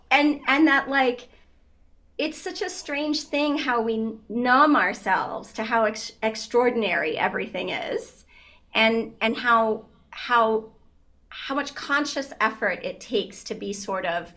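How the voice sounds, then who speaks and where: A woman in her fifties, a guest in a casual interview, telling stories in an animated way with frequent laughter and many fillers. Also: fairly high pitch, slow.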